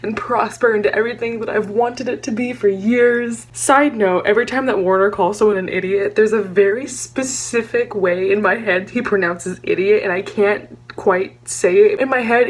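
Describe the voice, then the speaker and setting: Young woman, Texan accent, excited book vlog, gushing, faint hum behind. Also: medium pitch. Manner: gushing, fast, full of "like" and dramatic asides. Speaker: book vlogger.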